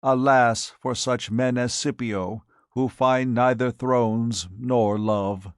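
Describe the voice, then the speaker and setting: A sorrowful, soft-spoken sage in an audiobook, as a narrator puts him on, sighing his words slowly. The sound is dry and close. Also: mid-range voice, steady tone, no room sound, close to an everyday voice. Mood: pitying.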